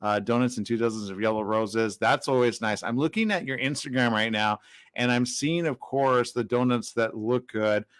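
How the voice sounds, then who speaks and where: A man's voice: medium pitch, moderate pace, smooth. Playful jokey male show host. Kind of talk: casual interview chat.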